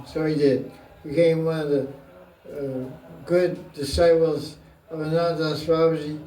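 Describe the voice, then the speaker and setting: A man's voice: fairly high pitch, little pitch movement, measured pace, dark tone. A man giving a scripture class to a live audience in a playful, joking way, often breaking into laughter. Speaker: spiritual teacher. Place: room with an audience. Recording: roomy, mic far off.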